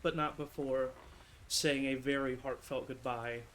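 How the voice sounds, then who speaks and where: Slow-talking man narrating a tabletop game. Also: medium pitch, steady tone, a little hiss or hum. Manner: slow, hushed dramatic narration. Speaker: game master.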